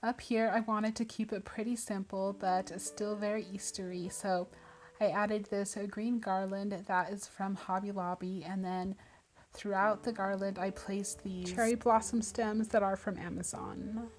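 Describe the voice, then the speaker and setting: A woman's voice: mid-range voice, level tone, measured pace. A woman giving a casual, cheerful home tour as a decor vlogger, gushing over each piece she shows. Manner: cheerful, gushing, often says she loves things.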